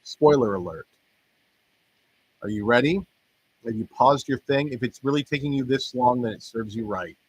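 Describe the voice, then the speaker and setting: A man's voice: mid-range voice, normal speed, pauses often, a little hiss or hum, rough recording. A man hosting a podcast, chatting loosely and rambling, joking and swearing as he reacts to wrestling results. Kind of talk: rambling casual commentary.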